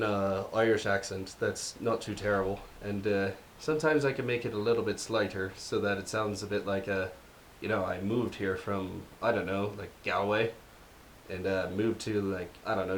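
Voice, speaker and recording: A young American man co-hosting a podcast in casual chat, rambling and jokey, often trailing off quietly. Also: on the low side, moderate pace, slight background noise. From United States. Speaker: podcast co-host.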